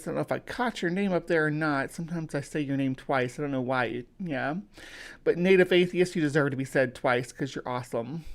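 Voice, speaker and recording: Rambling livestream host, fairly high voice. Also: male voice. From United States. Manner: rambling, halting, many fillers and restarts; greets viewers by name. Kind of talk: casual livestream chat.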